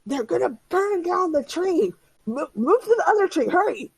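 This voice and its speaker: Frantic bandits whispering loud from a tree, a woman doing the voices, higher and breathy. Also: very animated, normal speed, no room sound, full character voice.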